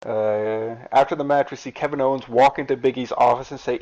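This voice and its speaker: A man's voice: mid-range voice, steady tone, fairly quick, darkish tone. A man casually narrating a recap of a wrestling video game season, with fillers. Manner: plain reading with fillers. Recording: dull lo-fi recording.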